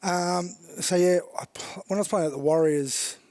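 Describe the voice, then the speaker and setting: A man's voice: high-pitched, moderate pace, darkish tone, no room sound. A middle-aged Australian man, a guest on a chat show, telling stories and laughing often as he swears his way through them. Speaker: podcast guest, former rugby league player. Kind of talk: casual chat, storytelling.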